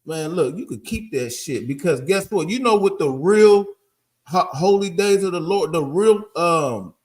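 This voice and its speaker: A man's voice: high voice, animated, a little slow, a little mellow. A man teaching a group in a blunt, emphatic street-preaching style, often checking that listeners understand. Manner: emphatic, keeps asking "you understand?"; blunt and profane.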